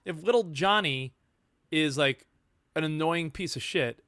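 A man's voice: fairly high pitch, a little slow, a bit bright, clear, resonant tone, no echo, clean studio sound. A man co-hosting a casual chat, teasing and cracking jokes. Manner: teasing and wisecracking. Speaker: podcast co-host.

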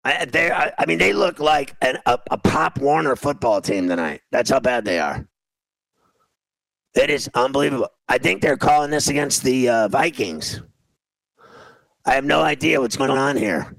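Ranting gravelly sports talk host man. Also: mid-range voice, animated, normal speed, fairly bright tone, dry recording, poor audio. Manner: exasperated, ranting, repeats himself. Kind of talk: casual sports radio chat while watching a game.

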